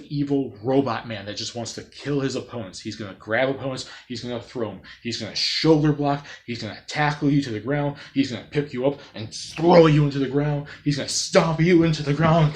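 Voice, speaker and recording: An excitable man rambles through an off-the-cuff gaming commentary. He circles back on himself with plenty of fillers and restarts, and now and then breaks into loud, playful sound effects. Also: medium pitch. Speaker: gaming video creator.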